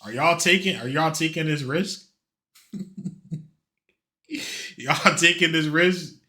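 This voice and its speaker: A man's voice: a little high, takes it slowly, sharp tone. A man casually commenting on a video as a streamer, slangy and joking.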